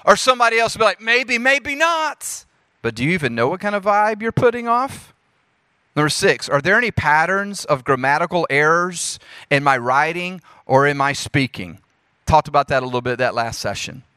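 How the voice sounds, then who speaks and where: A man in his thirties with a Southern US accent, giving a lively, preacherly leadership talk to a youth group and speaking straight to the audience. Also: on the high side, brisk, clean tone, no room sound, studio quality. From Jackson, Mississippi.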